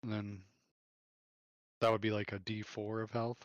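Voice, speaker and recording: A man running a tabletop game as game master, relaxed and thinking aloud as he goes. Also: fairly low pitch, normal speed, no echo, highs cut off.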